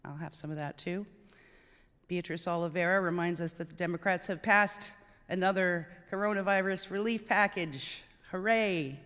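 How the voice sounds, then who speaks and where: A worship service leader, chatty in the announcements and measured in poetry readings, on an online church service. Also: medium pitch, a bit bright, in a large hall. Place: online church service over a video call.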